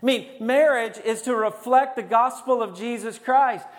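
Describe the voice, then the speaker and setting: Brief: male pastor, high pitch, dynamic sermon delivery, builds loud then drops to near-quiet. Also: normal speed. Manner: dynamic preaching, swings from loud declaring to hushed intensity.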